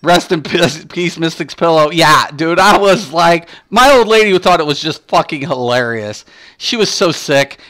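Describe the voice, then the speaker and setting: A man streaming a game, telling stories in casual chat with lively energy and lots of swearing. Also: a little high, moderate pace. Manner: profane, animated storytelling.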